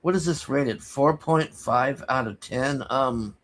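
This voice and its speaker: Man, unhurried, rambling movie recap full of restarts and sighs. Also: mid-range voice. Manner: rambling, halting, many restarts and fillers; exasperated, sighing. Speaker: movie reviewer. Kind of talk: casual spoken movie recap.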